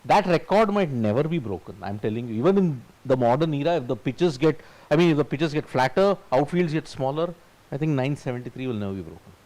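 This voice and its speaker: A man's voice: medium pitch, animated, fast, darkish tone, rough recording. A man, joking and rattling off cricket stats in casual panel chat.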